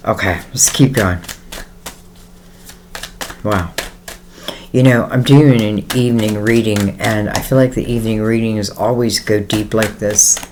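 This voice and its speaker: A man's voice: fairly low pitch, a little hiss or hum. A man giving a casual tarot reading, talking in a rambling, conversational way with many fillers and speaking straight to the listener in a reassuring tone. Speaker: tarot reader.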